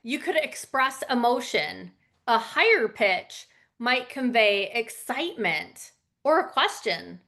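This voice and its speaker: Woman, public speaking coach, conversational and informal, slightly high voice. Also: sing-song, slow pace, bright, forceful tone. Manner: conversational, frequent fillers and asides. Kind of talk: casual spoken lesson.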